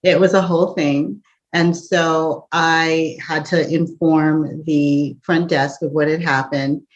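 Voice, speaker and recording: Animated woman telling a story. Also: low-pitched, slow pace. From United States. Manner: animated storyteller, laughs often, asides to listener. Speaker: empath coach. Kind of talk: storytelling encouragement talk. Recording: dull lo-fi recording.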